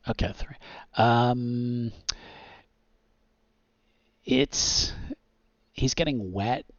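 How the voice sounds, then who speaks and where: A man narrating as game master of a tabletop game, relaxed and full of fillers, slipping into quick character voices. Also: medium pitch, no room sound. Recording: dull lo-fi sound, dry.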